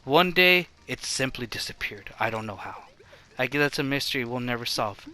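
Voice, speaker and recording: Guy voicing an old rambly ghost man, stumbles over his words, lowish and soft, game dialogue. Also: expressive, normal speed. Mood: wistful. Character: old rambling male ghost relic hunter.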